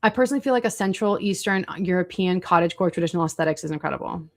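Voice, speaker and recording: Chatty woman with a gravelly voice. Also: lowish voice, racing. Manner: chatty, reacts to chat and searches food online. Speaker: livestream host. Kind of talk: casual livestream chat.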